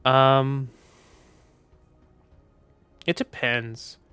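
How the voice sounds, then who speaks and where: A man's voice: medium pitch, level tone, very slow, a bit bright, clean tone, faint music behind. A tired, sleepy man chatting casually on a live stream, rambling and offhand with the odd swear. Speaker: VTuber streamer.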